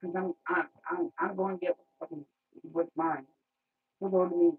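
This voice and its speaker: A woman's voice: fairly low pitch, flat delivery, normal speed, husky. A woman vlogger in an unscripted rant, blunt and profane, repeating words for emphasis. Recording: tinny phone-like sound.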